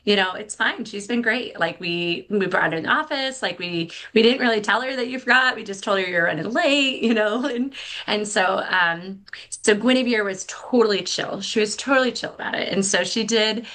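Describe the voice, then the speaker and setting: A woman's voice: medium pitch, moderate pace, pushed and bright. A middle-aged woman telling a candid, self-deprecating story as a podcast guest, with many fillers and restarts. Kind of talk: casual storytelling.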